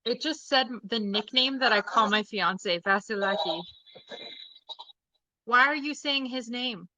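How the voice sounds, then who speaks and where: A woman's voice: on the high side, a little slow, pushed and bright, no room sound, rough recording. A woman hosting a live-stream seance, hesitant at times and repeating aloud what she says she hears. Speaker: host leading a live seance.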